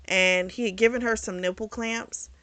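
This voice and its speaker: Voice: medium pitch, steady tone, moderate pace, pushed and bright, dry recording. A book reviewer casually retelling a novel's plot in a candid, profane, chatty way.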